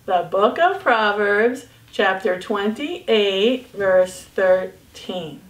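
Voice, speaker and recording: A woman's voice: medium pitch, very slow, echoey room. A woman teaching a children's Bible lesson with a puppet, patient and playful.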